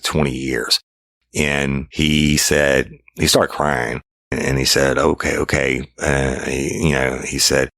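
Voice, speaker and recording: A man's voice: very deep voice, a bit bright, dry recording, studio quality. A middle-aged man, a podcast host and former detective telling a crime story in blunt, profane language and acting out his own lines.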